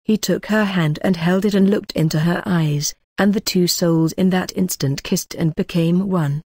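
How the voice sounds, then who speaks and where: A woman narrating a novel in a measured, lyrical reading. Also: fairly low pitch, warm tone, no echo, clean studio sound. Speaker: audiobook narrator. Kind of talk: scripted narration.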